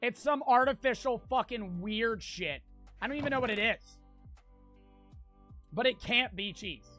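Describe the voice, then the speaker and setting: A young man with an American accent, streaming a game live and talking to his chat, profane and quick to get frustrated. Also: extremely high pitch, animated, pushed and bright, faint music behind. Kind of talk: casual livestream gameplay chat.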